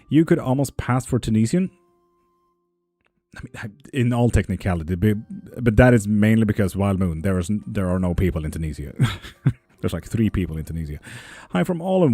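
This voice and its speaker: A man with a mellow, lowish voice, recorded dry, hosts a live tarot stream and casually chats with viewers while reading their comments. His talk is jokey and meandering, and he swears freely.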